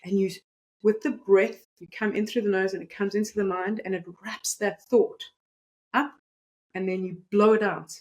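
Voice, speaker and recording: Woman coaching calmly, mid pitch. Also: normal speed, poor audio. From South Africa. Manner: instructive, gently coaching. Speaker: energy coach guest. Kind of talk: teaching interview talk.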